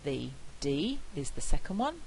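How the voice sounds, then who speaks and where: A British woman with a non-rhotic accent giving a university phonetics lecture, saying example phrases slowly and clearly. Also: deep voice, sing-song, a little mellow, poor audio. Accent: non-rhotic British English. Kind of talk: academic lecture. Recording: faint hiss.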